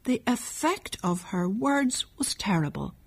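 A woman reads a children's storybook aloud in a breathy, gentle voice. Her pitch moves widely, lively as she shifts between the characters. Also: measured pace.

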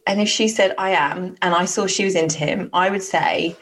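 A woman's voice: mid-range voice, animated, a bit bright, rough recording. Playful, frank woman. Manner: playful, frank, quick to answer back. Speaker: podcast co-host. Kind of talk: casual chat.

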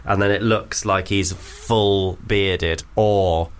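A man hosting a casual comedy radio show, quick and joking, often laughing. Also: sits low, steady tone, smooth. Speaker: radio host.

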